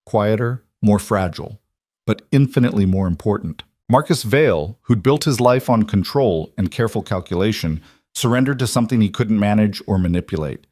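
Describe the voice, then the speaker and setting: A man narrating a romance story in a calm, steady scripted reading. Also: lowish voice, a little fast, no echo, clean studio sound.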